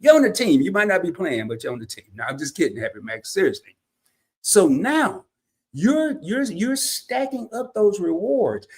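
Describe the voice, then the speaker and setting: Animated man hosting a casual livestream. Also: high voice, moderate pace, breathy edge. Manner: animated and folksy, loose slangy phrasing. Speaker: livestream host. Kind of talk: casual livestream chat reading comments.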